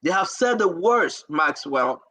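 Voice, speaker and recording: A Liberian man with a high, piercing voice speaks in a declamatory political address. He is emotional and holds back tears, hammering home his points by repeating phrases. His tone is bright and forceful throughout. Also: animated, unhurried. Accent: Liberian English. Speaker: talk show host. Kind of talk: impassioned political speech.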